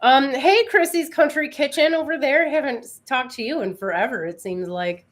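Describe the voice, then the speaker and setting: A woman's voice: sits high, normal speed. A woman co-hosting a casual chat, talking in a laid-back, rambling way that often trails off. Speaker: co-host.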